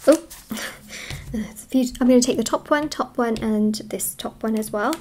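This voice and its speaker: A woman's voice: a little high, unhurried, noisy background. A woman giving a tarot love reading to her viewers, reassuring and emotional as she speaks to them directly. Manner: warm, reassuring, emotional pep talk. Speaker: tarot reader. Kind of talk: casual tarot reading to camera.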